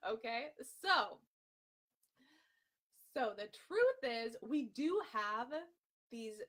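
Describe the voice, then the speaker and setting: A woman's voice: on the high side, very animated, slow pace. A woman health coach in a casual live coaching video, talking in a bubbly, chatty way with lots of fillers. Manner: bubbly, chatty, laughs often, many fillers.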